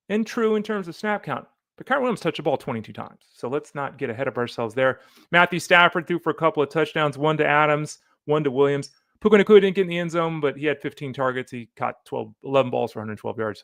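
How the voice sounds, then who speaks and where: A man hosting a solo fantasy football podcast, animated and opinionated, talking straight to the listener. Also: fairly high pitch, vocal fry, dry recording, clean studio sound. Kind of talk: solo sports podcast commentary.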